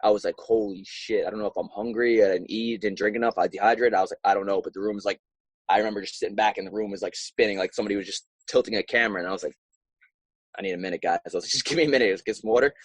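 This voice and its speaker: A young man and professional fighter telling his story in a casual interview, animated and acting out his own past reactions. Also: lowish voice, racing, slightly rough, no echo, rough recording.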